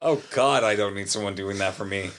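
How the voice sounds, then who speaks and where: A man with a low voice joins a casual podcast chat as a guest. He teases his hosts playfully and rattles off items rapid-fire. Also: a bit bright.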